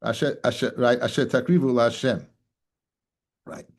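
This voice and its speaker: A male rabbi leads a daily Talmud class in a husky voice at a middle pitch. He keeps quizzing his listeners with rhetorical questions and repeats phrases for emphasis. He calls them "guys" and mixes Hebrew and Yiddish terms into his English. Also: fairly even intonation, normal speed.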